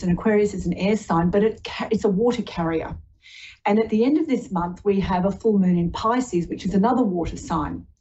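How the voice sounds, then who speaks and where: A woman hosting a psychic radio show, telling rambling spiritual stories in a gentle, heartfelt way. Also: mid-range voice, muffled recording, a little hiss or hum. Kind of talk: spiritual talk show monologue.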